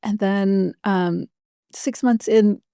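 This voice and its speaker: Chatty woman with a mellow, dry voice. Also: medium pitch, steady tone, smooth, dry recording. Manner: chatty, quick, lots of likes and quoted dialogue. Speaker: podcast guest. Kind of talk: casual interview chat.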